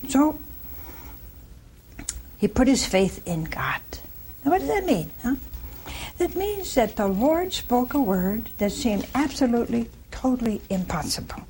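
A woman preacher giving a folksy, animated sermon, throwing rhetorical questions at her listeners. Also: a little high, unhurried, pauses often, slight background noise.

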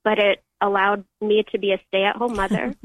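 A young woman caller telling a personal faith story on a call-in show, earnest and halting. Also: mid-range voice, level tone, dry recording. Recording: tinny phone line.

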